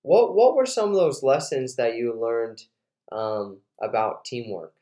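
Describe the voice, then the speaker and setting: A man hosting an interview, casually telling an animated story with lots of fillers. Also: mid-range voice, a little slow. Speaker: host. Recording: roomy echo.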